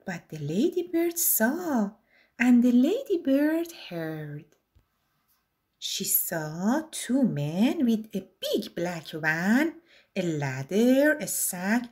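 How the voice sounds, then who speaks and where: Slow, lilting woman reading a picture book. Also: medium pitch, warm tone. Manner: slow, sing-song rhyming delivery. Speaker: storyteller. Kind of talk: children's read-aloud.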